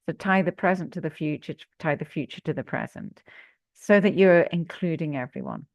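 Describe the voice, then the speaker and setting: A woman executive coach giving an interactive workshop talk, asking her audience questions in an animated way. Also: low-pitched, fairly quick, no room sound, highs cut off.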